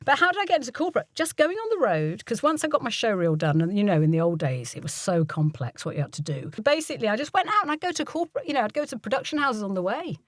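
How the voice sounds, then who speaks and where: A woman's voice: on the high side, very animated, quick pace, few pauses, no room sound, clean studio sound. An older woman from the UK, a voiceover artist and coach, telling stories casually in an interview. She acts out the people she quotes and laughs often.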